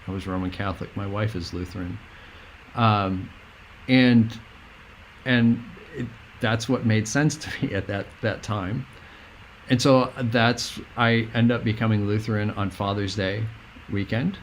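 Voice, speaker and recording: A man's voice: lowish voice, steady tone, a little hiss or hum. Earnest middle-aged man telling his story. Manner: earnest, meandering, halting. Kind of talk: personal storytelling.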